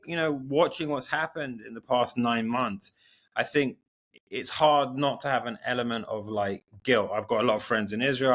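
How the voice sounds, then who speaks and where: A man in a casual interview. His voice sits a little low. He talks earnestly and circles back over his own words. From London. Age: 40s. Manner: earnest, rambling, repeats words. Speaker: guest artist.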